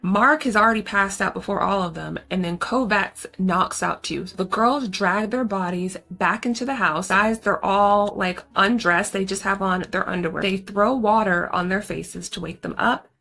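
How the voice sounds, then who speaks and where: A woman's voice: medium pitch, normal speed, gravelly, hardly any pauses, bright, forceful tone. A woman with a mid-range voice gives a casual spoken movie recap as host. She is chatty and slangy and addresses her viewers directly.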